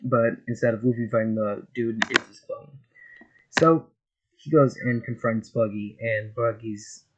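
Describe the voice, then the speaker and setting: A medium-pitched male YouTube storyteller casually narrates fan fiction, rambling and profane, with lots of fillers. It's a noisy home recording with lo-fi sound.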